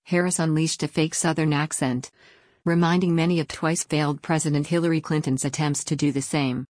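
Low-voiced woman reading news. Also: darkish tone, no echo, studio quality. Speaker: news article reader. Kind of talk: scripted news narration.

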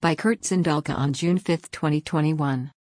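Woman, deep voice, news article read-out, dry close sound, measured delivery. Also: a little mellow, no room sound. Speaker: news reader. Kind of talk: scripted news article reading.

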